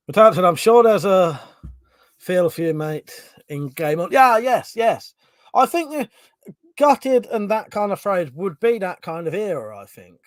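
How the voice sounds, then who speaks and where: Chatty, sweary British streamer. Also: male voice, fairly high pitch, no echo. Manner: chatty, sarcastic, swears freely; reads out viewer comments. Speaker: livestream host. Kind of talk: casual live-stream chat.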